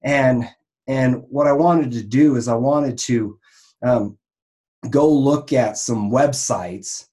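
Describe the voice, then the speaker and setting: A man in the vegan health trade talks through marketing lessons in a loose, conversational way. His voice sits at an ordinary middle pitch, and he keeps restarting his sentences and leaning on fillers. He turns animated whenever he acts out an example. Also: slow pace. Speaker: online marketer in the raw vegan health business. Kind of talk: casual teaching talk on marketing.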